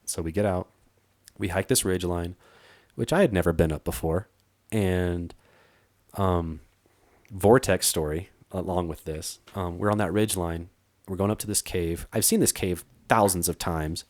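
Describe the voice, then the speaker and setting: A man from Arizona, a treasure hunter guest, telling a story in a casual, animated way and acting out what people said. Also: low voice, unhurried, no room sound. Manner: animated, acts out quoted dialogue, frequent fillers.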